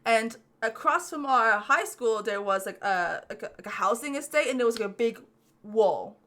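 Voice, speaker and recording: A young woman, a podcast host, casually telling a story with lots of swearing and animated retellings. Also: fairly high pitch, normal speed.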